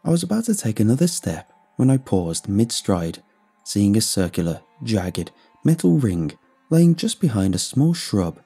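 A man narrating a scripted first-person story in an expressive storytelling way. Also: fairly low pitch, a little slow, vocal fry, slightly rough, soft background music.

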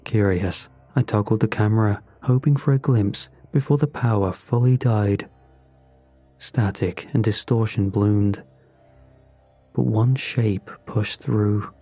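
A man narrating a first-person horror story in a measured, grim way. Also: fairly low pitch, warm tone, slightly rough, dry recording, soft background music.

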